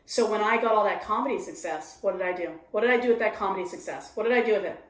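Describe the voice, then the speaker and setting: A woman comedian with a medium-pitched voice keeps a quick pace as she speaks frankly in an interview. Confessional and animated, she acts out what her inner voice says. The recording has an echoey room sound.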